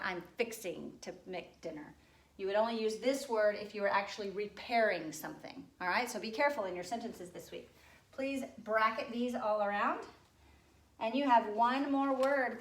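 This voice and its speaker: Woman teacher, slightly high voice, patient spelling lesson for young kids, echoey classroom. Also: a bit bright. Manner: patient, spells words out letter by letter. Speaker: second grade teacher.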